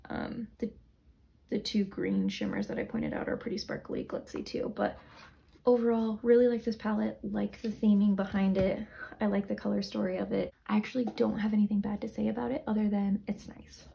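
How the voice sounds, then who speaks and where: A woman's voice: mid-range voice, fairly quick, gravelly, dark tone. A young woman casually reviewing products, chatty and rambling, sounding tired. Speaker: beauty vlogger.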